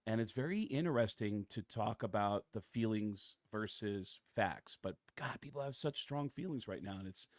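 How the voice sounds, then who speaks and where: A middle-aged man, a comedian and voice actor, telling stories in an interview, excitable and acting out the voices of people in them. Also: on the low side, normal speed, hardly any pauses, no room sound, clean studio sound. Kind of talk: casual interview storytelling.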